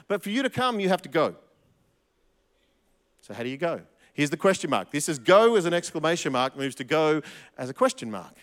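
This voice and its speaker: A man preaching a sermon as pastor, animated, with frequent restarts and emphatic repetition. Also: a little high, fairly quick, long reverb tail.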